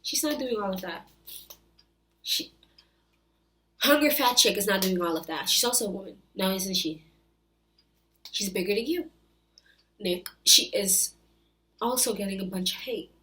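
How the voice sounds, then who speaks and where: A woman's voice: medium pitch, expressive, measured pace, long pauses, bright, forceful tone. A woman in her twenties hosting a reaction video, scolding and exasperated as she rants. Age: 20s. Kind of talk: ranting reaction commentary.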